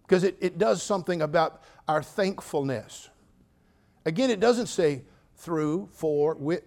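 Older male preacher, a bit high-pitched, humorous animated sermon style with loud outbursts. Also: a little slow, vocal fry. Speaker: pastor. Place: church.

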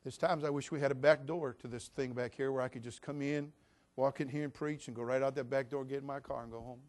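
A man preaching a sermon as pastor, swinging from loud shouts to quiet, intimate talk. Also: medium pitch, fairly even intonation, fast.

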